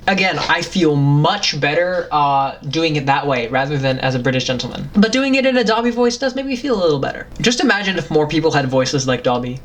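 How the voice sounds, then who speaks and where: A woman's voice: sits low, expressive, a little fast, hardly any pauses. Tired young woman chatting in a vlog. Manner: sleepy, self-mocking. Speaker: content creator. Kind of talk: casual vlog chat.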